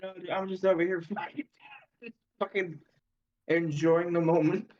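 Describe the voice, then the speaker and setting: A man's voice: high voice, steady tone, moderate pace. A young man co-hosting a podcast over a call, laid-back and teasing, often laughing between words. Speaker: podcast co-host. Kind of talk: casual chat over a voice call. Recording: dull crackly remote mic.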